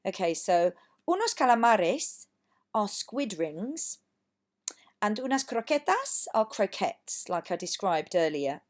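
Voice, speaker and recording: A woman's voice: mid-range voice, big pitch swings, slow. A woman teacher from England giving a recorded lesson, patient and encouraging, saying words for students to repeat. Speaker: language teacher.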